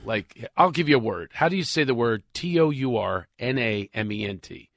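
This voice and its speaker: A man's voice: medium pitch, moderate pace, vocal fry, dry recording. A man from Philadelphia with a Philadelphia accent, a comedian guest on a studio talk show, telling jokes and stories in punchy bursts. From Philadelphia, USA. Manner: punchy joke-telling, animated storytelling. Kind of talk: studio chat with comic stories.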